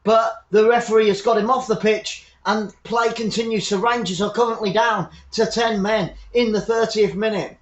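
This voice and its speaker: A man's voice: high-pitched, steady tone, normal speed, few pauses. A man hosting a live fan football commentary stream, upbeat and chatty, greeting viewers by name. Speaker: football commentator and channel host. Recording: echoey room, dull lo-fi sound.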